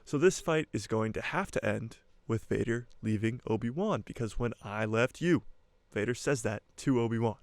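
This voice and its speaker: A young man hosting his own channel, giving casual, jokey fan commentary in an excitable way. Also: medium pitch, no room sound. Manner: excitable, jokey, speeds up and slows down. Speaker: YouTuber host.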